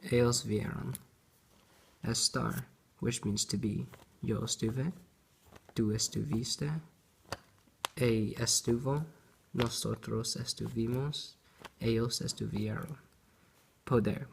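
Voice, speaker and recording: A young man reading a school grammar lesson aloud, going slowly and carefully through lists of verb forms. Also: medium pitch, creaky, slight background noise. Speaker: student presenter.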